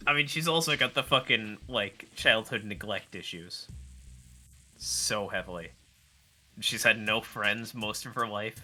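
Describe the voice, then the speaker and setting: A man's voice: fairly low pitch, unhurried, pushed and bright. A man co-hosting a visual novel stream, reading game text aloud and chatting earnestly, swearing freely. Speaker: co-host playing a visual novel.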